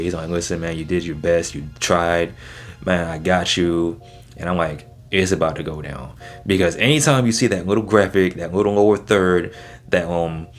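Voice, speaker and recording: Excitable wrestling reviewer, low voice. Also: male voice. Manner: excitable, gets worked up, slangy. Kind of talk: casual video review.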